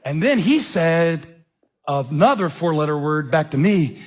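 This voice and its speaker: Animated pastor telling a story. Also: male voice, fairly high pitch, unhurried. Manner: storytelling, animated and self-mocking. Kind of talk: sermon. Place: church.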